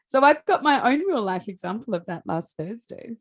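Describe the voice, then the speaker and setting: A woman who co-hosts a podcast and works as a coach tells a personal story in casual chat, animated and laughing often. Her voice is fairly high-pitched and her speed is normal.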